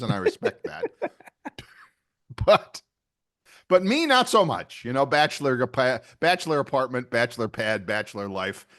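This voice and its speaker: A man's voice: mid-range voice, a bit bright. An older man co-hosting a podcast, chatty and often laughing. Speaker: podcast co-host. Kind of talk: casual chat.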